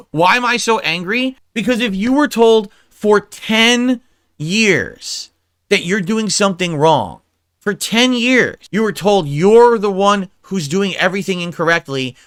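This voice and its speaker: A male streamer ranting in an aggrieved, self-pitying tone on a live stream. His voice is bright and slightly raised in pitch. The sound is close and dry. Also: animated, unhurried, no room sound. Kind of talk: angry livestream rant.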